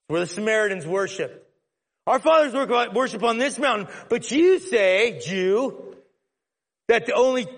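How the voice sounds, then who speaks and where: A man voicing a flustered, chatty woman who dodges an awkward truth with rapid exclamations. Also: sits high, vocal fry, sharp tone, husky, pitched above the performer's own voice, exaggerated voice. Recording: long hall reverb.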